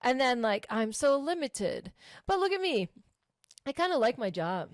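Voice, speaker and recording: A woman co-hosting a podcast in casual chat, blunt and swearing freely with dark jokes. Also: high voice, very animated, moderate pace, dry recording, studio quality. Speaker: podcast co-host.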